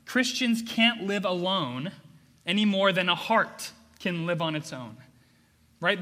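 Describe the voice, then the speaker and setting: A man delivers a sermon with earnest, emphatic conviction, circling back on phrases to drive them home. His voice sits high and sounds bright and ringing. The words trail off into the long reverb of a large church hall. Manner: earnest, emphatic preaching with repetitions. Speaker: pastor.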